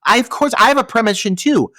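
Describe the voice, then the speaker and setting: Sarcastic, profane man with a lively voice. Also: very high-pitched, fast talker, dry recording. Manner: sarcastic, profane, exaggerated retellings. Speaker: podcast co-host. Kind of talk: casual movie-review chat.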